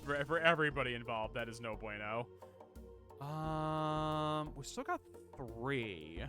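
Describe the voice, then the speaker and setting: A man's voice: medium pitch, animated, slow pace, over music. A man streaming a game, chatting casually, reading game text aloud and laughing often. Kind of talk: casual gameplay commentary.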